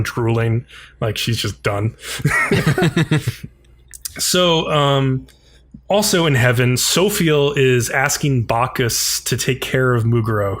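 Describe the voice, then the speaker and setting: Animated man recapping with lots of "like". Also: mid-range voice. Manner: animated retelling, frequent "like", acts out characters' lines. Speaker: podcast co-host. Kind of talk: casual episode recap.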